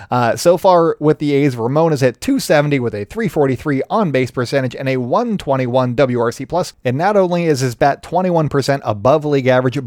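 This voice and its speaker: A man's voice: mid-range voice, darkish tone, no room sound. A man talks alone into a podcast mic and keeps it loose and chatty. He jokes at his own expense, and his voice sits in an ordinary middle range. The sound is close and dry. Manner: chatty, joking and self-deprecating. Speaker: sports podcast host. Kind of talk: casual solo podcast commentary.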